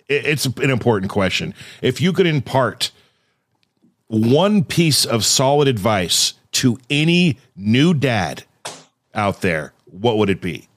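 A man's voice: mid-range voice, a bit bright, dry recording. A man hosting a podcast in an easygoing way, reading a sponsor plug offhand and asking questions. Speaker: podcast host. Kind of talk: casual chat.

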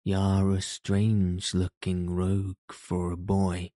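A man's voice: deep voice, completely flat delivery, slow, dark tone, no echo, studio quality. A man reading a bold, teasing teenage outlaw boy. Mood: boastful. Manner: jesting, archaic speech. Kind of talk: audiobook character reading.

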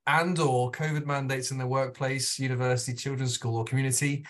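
A man's voice: medium pitch, level tone, a bit bright. A man co-hosting a live stream, reading a show blurb aloud in a wry, uneven way. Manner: wry, reads quickly and unevenly. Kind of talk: joking read of a show blurb.

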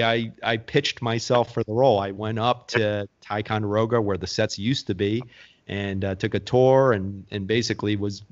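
Low-voiced man, measured storytelling. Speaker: actor and co-author guest. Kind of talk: interview storytelling. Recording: dull lo-fi recording.

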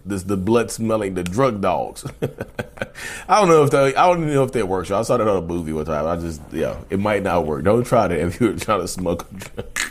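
A man hosting his own channel, talking casually and rambling straight to his viewers with asides and restarts. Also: fairly low pitch. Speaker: YouTube channel host. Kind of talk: casual monologue.

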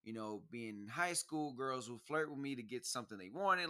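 A young man chatting as a podcast co-host, bright and forceful in tone. He talks in slang, animated, and slips into little acted-out quotes while he tells his stories. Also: medium pitch, moderate pace, few pauses. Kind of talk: casual chat.

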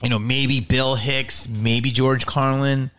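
A male comedian in casual chat, telling a story in a profane, animated way. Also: mid-range voice, slow.

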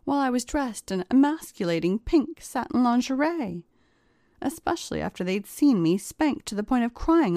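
A woman's voice: mid-range voice, a little mellow, no echo, studio quality. Woman narrating a confessional story. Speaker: story reader. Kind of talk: scripted first-person narration.

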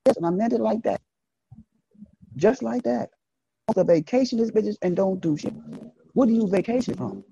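Animated, preachy man with a muffled sound. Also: normal speed, creaky, long pauses, husky, no room sound. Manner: animated and emphatic, swings between loud bursts and low asides; preachy, speaks to listeners directly. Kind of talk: casual monologue.

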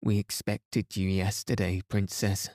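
A frail young painter hisses his words in a hoarse, angry whisper, as a man reads him in a bedtime audiobook. The voice stays low and dark, recorded dry and close. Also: little pitch movement, unhurried, dry recording, natural voice. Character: sickly young male painter, agitated.

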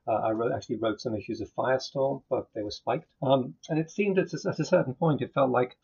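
A man answering interview questions in a measured, thoughtful way, with some hesitation. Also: medium pitch, gravelly, a little mellow, breathy edge, muffled recording. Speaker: comic book writer guest.

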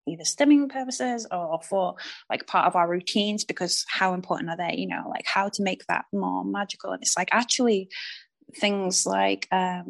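A woman's voice: on the low side, creaky. A woman guest chatting casually on a podcast, giddy and rambling, swearing now and then. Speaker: guest author on divination.

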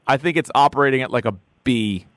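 A man's voice: medium pitch, fast, no echo, clean studio sound. Chatty man reading listener emails. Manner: animated, mocks movie lines in put-on voices. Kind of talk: casual movie chat.

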